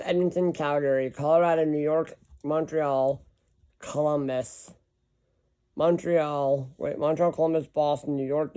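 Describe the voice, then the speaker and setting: A man with a fairly high voice thinks aloud in a loose, rambling way, reeling off lists and stopping now and then to correct himself. It sounds like a casual, unscripted chat to viewers. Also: darkish tone. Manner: rambling, self-correcting, reading off lists of teams. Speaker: hockey vlogger.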